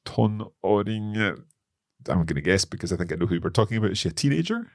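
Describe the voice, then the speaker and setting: This is a man hosting a language lesson podcast. His voice sits low with a husky edge, yet his pitch moves about a great deal. He sounds out new phrases slowly, with small hesitations, and the recording is close and dry. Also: very animated, dry recording. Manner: working slowly through foreign phrases, hesitant fillers. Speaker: podcast host and learner.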